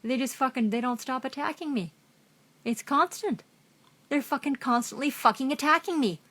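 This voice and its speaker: A woman's voice: high-pitched, moderate pace, a bit bright. Angry lady ranting at the cam, swearing nonstop, keeps repeating herself. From Canada. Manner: furious, profane, accusatory, repetitive. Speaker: vlogger. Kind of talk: angry rant to camera.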